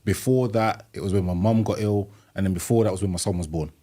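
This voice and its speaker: A man's voice: low-pitched, steady tone, quick pace, dark tone. A middle-aged man, co-hosting a group chat, often stumbling over repeated words before making a point. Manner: hesitant, repeats words when starting a point. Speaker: podcast co-host.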